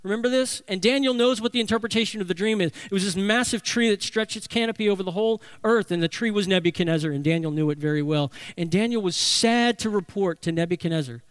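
A man preaches from the pulpit, his voice sitting high for a man. He preaches in an animated way, acting out voices to drive his points home. The sound is dry and close. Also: fast talker, few pauses, clean tone, no room sound. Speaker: pastor. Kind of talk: sermon.

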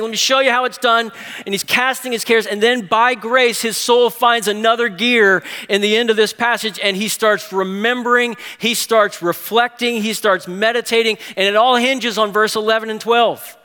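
A man delivers a sermon in a high, bright voice, dropping to quiet, slow phrases and then rising into fast, emphatic bursts. His voice carries a long reverb, as if recorded in a large church hall. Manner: animated preaching with big swings from hushed to emphatic. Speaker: pastor.

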